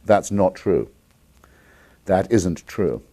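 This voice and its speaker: Guesting on a call-in television interview, an English author offers blunt views in deliberate, articulate speech. His voice is low and warm, with lively intonation, and he comes from England.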